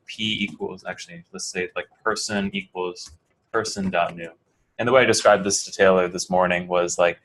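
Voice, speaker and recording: A fairly bright, low-voiced man from New Jersey, speaking American English, runs a coding bootcamp class. His lecture is casual and rambling, packed with fillers and restarts, and he keeps tossing questions to the students.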